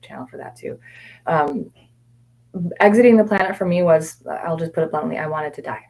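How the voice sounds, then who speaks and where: A woman coaching viewers in a live question-and-answer session, candid and meandering, with fillers and self-corrections, sometimes dropping to soft whispered repetitions. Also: sits low, moderate pace. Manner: soft-spoken, drops to quiet whispered repetitions. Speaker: mindset coach.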